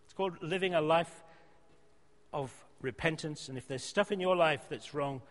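A man preaching a sermon, earnest and emphatic, swinging between loud exhortation and softer pleading. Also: on the high side, normal speed. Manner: earnest, emphatic, rising to loud exhortation then dropping soft. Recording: long reverb of a church hall.

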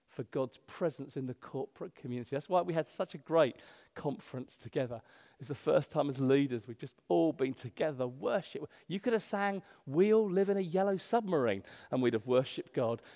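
A male pastor preaching a sermon in a church, animated, swinging between loud emphasis and hushed asides. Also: a little high. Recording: long hall reverb.

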